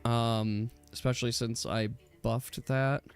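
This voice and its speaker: A man running a tabletop role-playing game as game master, narrating scenes in a relaxed, halting way with many fillers. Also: mid-range voice, clear, resonant tone, faint music behind.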